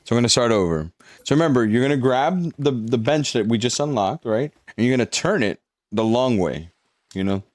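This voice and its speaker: A man's voice: mid-range voice, lively intonation, a little fast, darkish tone, no echo. A young man on a live stream, chatting casually with viewers and walking them through a game, swearing now and then as he hypes them up.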